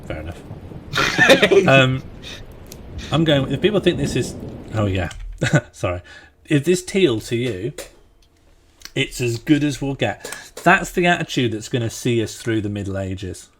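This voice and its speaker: A young man chats casually through a game livestream at an ordinary, middling pitch. He is playful and quick to laugh, and he reels off long strings of items in a lively rhythm. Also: slight background noise. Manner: playful, laughs often, rattles off long lists. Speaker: streamer playing a strategy game.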